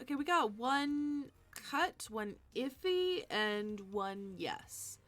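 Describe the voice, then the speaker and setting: A woman's voice: medium pitch, animated, very slow, few pauses, fairly bright tone. A woman hosting a live stream, chatting casually and answering viewers' comments as she thinks aloud. She is tired and sleepy. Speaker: livestream host.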